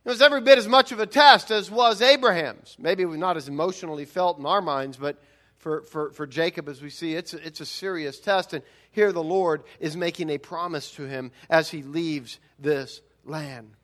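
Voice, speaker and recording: A man's voice: on the high side, moderate pace, fairly bright tone. A man preaching a sermon, emphatic, with rhetorical questions and frequent repeated words. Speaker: pastor.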